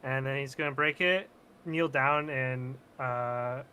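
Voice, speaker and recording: A man's voice: medium pitch, fairly even intonation, unhurried, pushed and bright, slight background noise. A man playing a tabletop roleplaying game, casually describing what his character does. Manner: casual, thinking aloud. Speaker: player.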